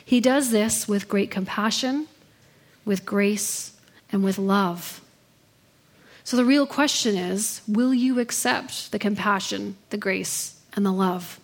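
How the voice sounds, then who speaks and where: A woman's voice: medium pitch, slow pace. A woman preaching a sermon in her thirties, telling stories in an earnest way. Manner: earnest storytelling delivery.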